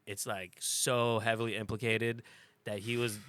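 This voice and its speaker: A man's voice: fairly low pitch, little pitch movement, normal speed, fairly bright tone, smooth, dry recording. A man chatting casually on a podcast, easygoing and telling stories. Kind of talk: casual banter.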